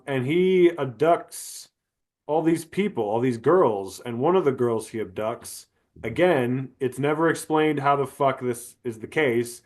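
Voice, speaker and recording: Profane ranting male podcast host. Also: mid-range voice. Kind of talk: casual comedic movie review.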